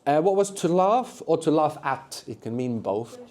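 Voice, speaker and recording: Male language teacher running a live classroom workshop, warm mellow tone, encouraging, keeps checking in with the group. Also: on the high side, expressive, moderate pace. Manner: encouraging, quizzes the group with frequent tag questions. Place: classroom with students.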